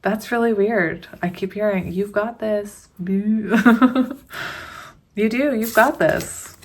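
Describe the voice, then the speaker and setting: A woman chatting casually through a tarot card reading for her viewers, slow and unhurried, with frequent giggles. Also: medium pitch. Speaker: tarot reader.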